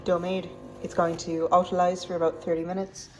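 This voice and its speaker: A woman's voice: lowish voice, level tone, brisk, a little mellow, faint music behind. A young woman chatting casually to camera in a rambling, self-deprecating way while she goes about her day at home. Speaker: vlogger. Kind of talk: casual vlog chat.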